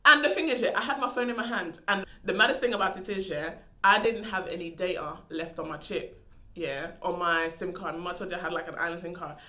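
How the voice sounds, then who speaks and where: A young woman tells a story with lots of drama and casual slang. Her voice is bright and sharp, and it echoes around a bare room. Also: on the low side, quick pace. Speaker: vlogger. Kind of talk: storytime vlog.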